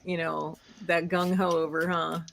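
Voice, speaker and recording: A woman co-hosting a casual livestream, relaxed as she reads out messages from the chat. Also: lowish voice, unhurried, gravelly, crowd noise. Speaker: co-host reading the chat.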